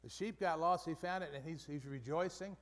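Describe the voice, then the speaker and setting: A man's voice: fairly high pitch, a little fast. Man leading a casual Bible study. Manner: conversational, with frequent restarts and repeated phrases. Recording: long reverb from a large room.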